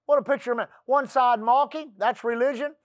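A high-pitched male preacher from the Texas coast, delivering a folksy church sermon. He calls out for amens and slips into a hushed low voice for quotes. The sound is dry and close. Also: steady tone, fairly quick, no room sound.

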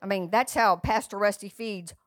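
An older woman preaching a sermon from the pulpit of a church, chatty and playful, with bursts of excitement. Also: mid-range voice, normal speed, no room sound. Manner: lively, chatty and playful, sings snatches of a song. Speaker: guest preacher. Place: church sanctuary.

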